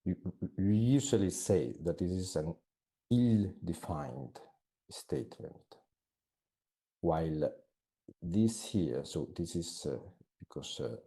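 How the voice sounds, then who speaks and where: A man's voice: low-pitched, expressive, measured pace, dark tone. A man giving a classroom lecture in English, which is not his first language, talking hesitantly with many fillers and restarts.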